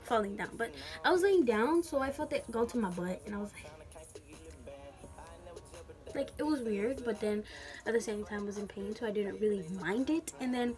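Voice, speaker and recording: A woman's voice: fairly high pitch, moderate pace, long pauses, music in the background. A young woman telling a story frankly and casually, full of slang and swearing. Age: young adult. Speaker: vlogger.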